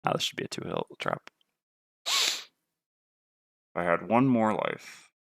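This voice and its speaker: A man's voice: low-pitched, huge pitch swings, takes it slowly, vocal fry, dry recording, clean studio sound. A man playing a tabletop board game on stream, thinking aloud and weighing his moves. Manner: muttering, weighing options aloud.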